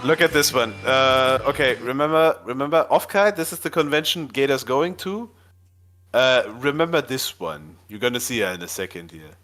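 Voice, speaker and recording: A man's voice: mid-range voice, animated, moderate pace, a bit bright. Cursing male stream host. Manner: profane, scattered, thinking aloud. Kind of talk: casual chat on a live stream.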